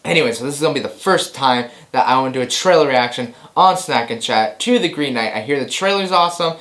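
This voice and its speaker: A man hosting a casual movie news show, excitable and rambling, often repeating himself. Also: medium pitch, fast.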